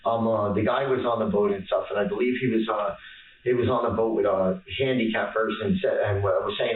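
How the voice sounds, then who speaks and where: A man being interviewed by police, talking haltingly with many fillers. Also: on the low side, fairly even intonation, phone-quality sound. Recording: echoey room, distant mic, faint noise.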